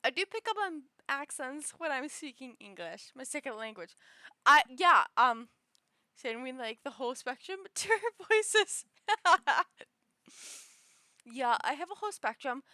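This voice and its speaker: Woman streamer, high voice, unhurried rambling, lots of fillers, pitch shifting around, dry close mic. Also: big pitch swings, bright, forceful tone, no room sound. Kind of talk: casual chat.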